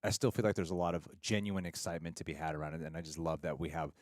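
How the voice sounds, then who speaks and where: A man co-hosting a casual movie chat, excitable and fond of acting out quotes in playful voices. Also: deep voice, rapid-fire, dry recording, studio quality. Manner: excitable, slips into playful voices when quoting. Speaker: co-host.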